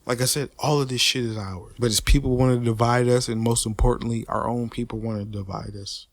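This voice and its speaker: A man, ranting in a profane, repetitive, animated way. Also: medium pitch, brisk, dry recording. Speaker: podcaster. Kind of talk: unscripted rant.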